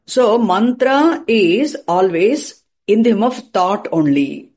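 A teacher lectures a class in a husky, breathy voice at a middle pitch. The delivery is explanatory and repetitive, circling back over phrases and throwing out questions only to answer them. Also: sing-song, slow pace, a little mellow. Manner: repeats and restarts phrases while explaining.

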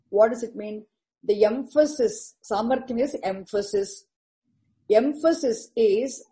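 A woman's voice: fairly high pitch, dark tone, poor audio. A woman teaching a scripture commentary, explaining each term carefully and repeating words for emphasis. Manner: deliberate, repeats terms and explains each word.

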